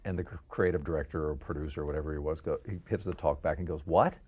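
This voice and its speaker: A middle-aged voice-over actor from the Kansas City area with a deep voice, telling stories in a casual interview and jumping into quoted voices. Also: male voice, racing, breathy edge. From Kansas City area, United States. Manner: animated, jumps into quoted voices.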